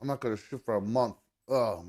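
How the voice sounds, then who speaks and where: A man's voice: medium pitch, brisk, a little mellow. A man hosting a casual show while forcing down an eating challenge, groaning and swearing as he sweats and strains between bites. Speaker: podcast host.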